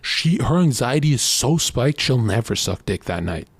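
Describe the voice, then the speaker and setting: A man's voice: mid-range voice, sing-song, normal speed, slightly rough, dry recording. Man, late twenties, brash and crude, rambling boastful streamer monologue, dry close sound. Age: late 20s. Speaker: streamer giving dating advice. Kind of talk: casual monologue.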